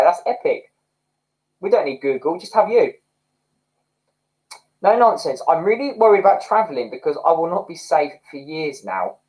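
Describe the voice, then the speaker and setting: A man hosting a casual livestream, chatting excitedly with viewers and laughing often. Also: a little high, poor audio. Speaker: livestream host. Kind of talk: casual livestream chat reading comments.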